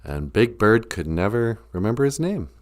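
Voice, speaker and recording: Rambling, joking man with a lively voice. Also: fairly low pitch, moderate pace. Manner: rambling, joking, reads viewer comments. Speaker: live stream host. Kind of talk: casual live stream chat.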